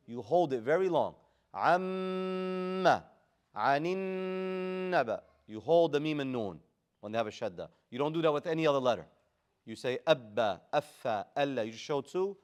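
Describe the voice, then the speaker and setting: A man teaching a class how to recite the Quran, moving between chanted Arabic verses and casual, slangy English explanations. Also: fairly high pitch. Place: classroom with students present.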